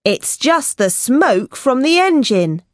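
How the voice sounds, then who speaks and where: A woman reading the lines of a calm male train guard in a storybook lesson, matter-of-fact and reassuring. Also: high voice, slow, no room sound, clean studio sound, full character voice.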